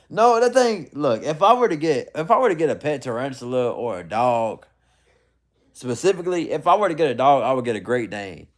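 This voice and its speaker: A young man casually chatting on a livestream, reading viewer comments in a loose, rambling way and laughing often. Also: mid-range voice. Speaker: livestream host.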